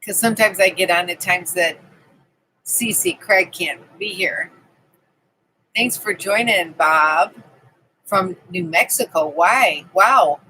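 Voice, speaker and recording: A woman's voice: on the low side, slow, pauses often, sharp tone, slight background noise, poor audio. A woman hosting a casual live stream from her camping trailer, chatting and greeting viewers by name. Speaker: livestream host.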